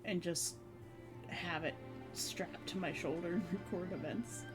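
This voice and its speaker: A woman's voice: fairly low pitch, measured pace. A woman streamer chatting casually, rambling and laughing often between phrases. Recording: background music under voice. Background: background music.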